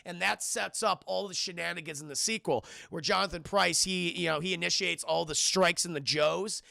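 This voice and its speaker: A male streamer giving an excitable, profane film recap and addressing his live chat throughout. His voice is high and very gravelly with a bright, forceful edge. The recording is dry and close. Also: moderate pace, no echo.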